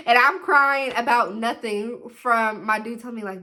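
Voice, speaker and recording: A young woman telling a dramatic storytime on her vlog, animated and leaning on "literally" and "like". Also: a little high, measured pace, hardly any pauses. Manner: animated, dramatic retelling with put-on quoted voices; repeats "literally" and "like" constantly. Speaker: vlogger.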